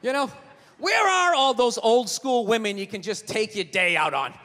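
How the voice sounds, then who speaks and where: Loud ranting stand-up comedian, high and bright. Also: male voice, lively intonation, moderate pace. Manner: loud, ranting, swearing, shouting punchlines. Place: comedy stage before a laughing audience. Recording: live show, long hall reverb, faint noise.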